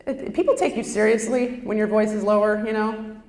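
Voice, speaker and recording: A woman doing stand-up storytelling on stage with a lapel mic, in a chatty, self-deprecating way. Her voice sits at a middle pitch for a woman. The sound carries a roomy echo from the stage hall around her. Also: fairly even intonation, a little fast, a little mellow. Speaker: stand-up performer. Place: stage before a live audience.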